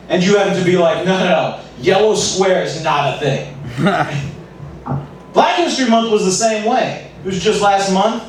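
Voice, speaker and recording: A man doing a self-deprecating stand-up set at an open mic with a dry, deadpan delivery. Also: high-pitched, slight background noise. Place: small comedy club stage. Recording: echoey room, far from mic.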